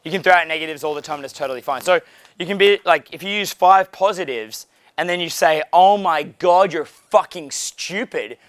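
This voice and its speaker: A man's voice: a little high, fast, a bit bright, no echo. A young man coaching a small group in a casual way, blunt and profane, with frequent fillers. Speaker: dating coach.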